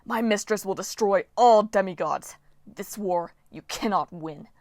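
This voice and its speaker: A woman's voice: mid-range voice, measured pace, darkish tone, no echo, clean studio sound, close to an everyday voice. A woman voicing a sneering male storm spirit villain in a storybook reading, with a gloating, menacing delivery.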